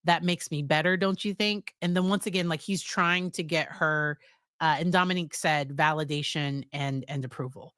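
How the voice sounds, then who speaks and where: A woman's voice: sits low, fairly even intonation, normal speed, fairly bright tone, no echo, clean studio sound. An American woman psychologist casually recapping a series, chatty, with fillers and quoted lines. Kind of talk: casual spoken review.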